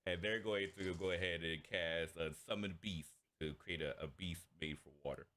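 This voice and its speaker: A man playing in a tabletop game, lively, often laughing. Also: deep voice, moderate pace, a little hiss or hum. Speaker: player.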